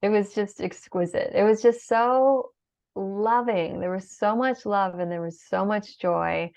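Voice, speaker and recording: A middle-aged woman with a mid-range, creaky, slightly mellow voice talks at an unhurried pace. She's a guest in an emotional interview, heartfelt and now and then tearful, with frequent fillers. The sound quality is dull and lo-fi.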